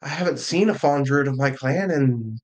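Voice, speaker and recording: A man voicing Janice, a gentle female fawn druid who is the last of her clan, speaking softly. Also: mid-range voice, normal speed, natural voice. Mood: wistful.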